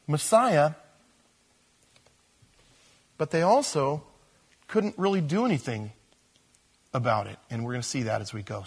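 A man's voice: medium pitch, slightly rough. Emphatic preacher man, repeating for stress. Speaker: pastor. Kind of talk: verse-by-verse sermon.

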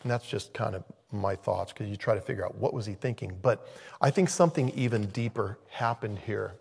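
A man's voice: lowish voice, fairly quick, vocal fry, a little mellow, breathy edge. A man preaching a sermon in a conversational way, thinking aloud and interrupting himself. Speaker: pastor.

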